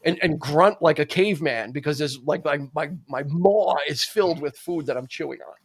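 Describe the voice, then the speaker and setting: A man's voice: fairly high pitch, moderate pace, breathy edge. A man hosting a podcast in casual, joking chat, with frequent restarts. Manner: animated, joking, stumbling restarts. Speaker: podcast host.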